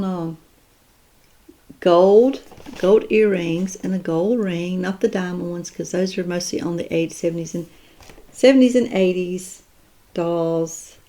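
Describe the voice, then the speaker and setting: A woman's voice: on the low side, mellow. A woman chatting casually as she shows off her doll collection, admiring each piece and thinking aloud. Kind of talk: casual unboxing chat.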